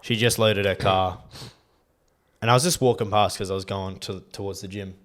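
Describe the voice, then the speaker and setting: A man's voice: fairly low pitch, fairly even intonation, normal speed, fairly bright tone. A young Australian man co-hosting a podcast, chatting casually in a blunt way and swearing freely. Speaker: podcast co-host. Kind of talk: casual chat.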